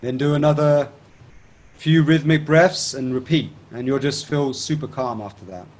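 A man teaching breathing techniques step by step, calmly checking in with his listener and chanting tones to demonstrate. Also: mid-range voice, moderate pace. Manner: calm instructive, checks in with "okay?". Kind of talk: guided breathing instruction.

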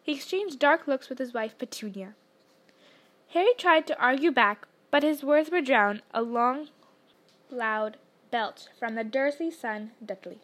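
Woman audiobook reader, high-pitched, expressive storytelling. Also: unhurried. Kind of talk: reading a novel aloud.

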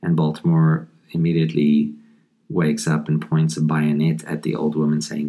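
A man hosting a podcast, talking casually about a horror comic in a thoughtful, halting way with frequent ums and restarts. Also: a bass voice, completely flat delivery, warm tone. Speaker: podcast host.

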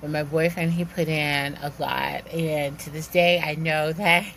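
A woman telling a personal story in a lively, animated way, acting out the dialogue and laughing now and then. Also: deep voice, unhurried, slight background noise.

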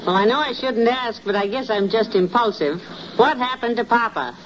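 An actress playing a brisk, teasing wife who bosses her husband along, in 1950s radio comedy style. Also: a little high, lightly acted. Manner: bossy, teasing, calls husband dearie. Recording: muffled old radio broadcast with hiss.

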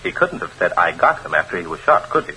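A man playing a calm, probing gentleman detective in a 1940s radio drama, measured and smooth. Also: low-pitched, full character voice, rough recording. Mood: cool.

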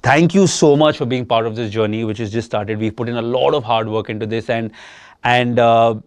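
A young man co-hosting a podcast, telling stories in an animated, casual way and swearing freely. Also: mid-range voice, a little fast, smooth, no echo. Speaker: podcast co-host. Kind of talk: casual chat.

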